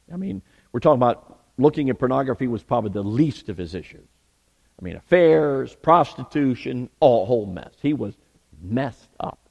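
Lively male preacher in an echoing church. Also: mid-range voice. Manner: emphatic preaching with rhetorical questions. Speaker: pastor. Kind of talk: sermon. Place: church sanctuary. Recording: long reverb in a church hall.

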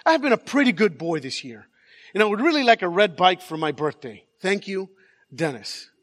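A man's voice: sits high, very animated, normal speed. A man voicing a naughty little boy who schemes through his letters in an exaggerated reading voice. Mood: earnest.

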